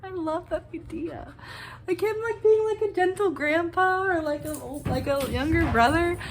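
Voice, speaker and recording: Excitable young woman vlogger, high voice, gushy rambly rant full of likes and ums. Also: normal speed. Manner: excitable, gushing, rambling with fillers. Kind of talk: casual reaction rant.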